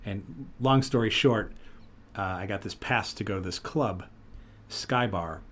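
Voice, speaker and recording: Podcast host, male, animated storyteller, casual banter. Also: on the low side, unhurried. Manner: animated storyteller, lively retellings. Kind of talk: casual chat.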